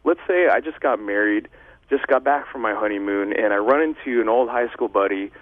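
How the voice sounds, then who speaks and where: A man's voice: fairly low pitch, a little fast, no room sound. Young male guest over a thin phone line, earnest, emotional testimony. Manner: earnest and emotional, loose with fillers. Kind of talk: heartfelt faith testimony.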